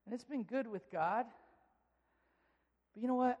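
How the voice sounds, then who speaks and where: Pastor, sermon, animated delivery, acts out voices, long hall reverb. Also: mid-range voice, measured pace, pauses often.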